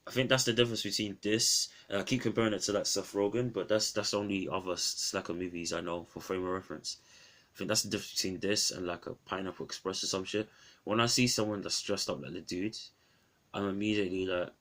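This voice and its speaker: Low-voiced casual man reviewing films. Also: a bit bright. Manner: rambling, offhand, often restarts phrases. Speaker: film reviewer.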